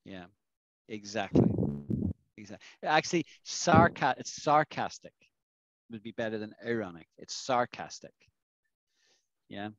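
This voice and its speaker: Speaking in a lowish voice with lively intonation, a man teaches English online by video call at a measured pace, leaving long pauses, with no room sound. His tone is dry and somewhat dull as he patiently explains expressions and regularly checks in with his students through questions.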